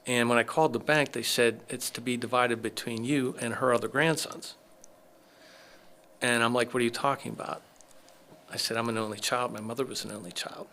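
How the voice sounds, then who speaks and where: A middle-aged man with a bright, forward voice at an ordinary pitch, telling a long story in a podcast interview. He acts out what others said to him, lively and conversational. Faint noise sits under the recording. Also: a little fast. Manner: animated storyteller acting out quoted dialogue. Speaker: chiropractor, podcast guest.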